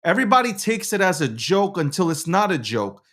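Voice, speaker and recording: A middle-aged man, hosting a show and ranting in agitated political commentary, loud and repetitive, swearing and restarting his sentences. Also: high-pitched, sing-song, fairly quick. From New York City. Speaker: show host.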